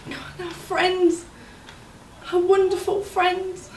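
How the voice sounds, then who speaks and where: High-voiced actress as a tearful young fiancée, slow halting delivery, roomy distant sound, faint noise. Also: female voice, level tone, darkish tone. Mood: grieving. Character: young woman, grieving fiancée of an injured footballer. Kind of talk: stage monologue.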